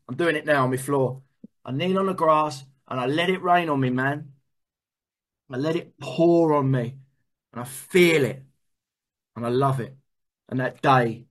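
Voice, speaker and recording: Man, earnest recovery testimony, animated storytelling, fairly high voice. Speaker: recovery speaker. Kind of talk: personal testimony talk.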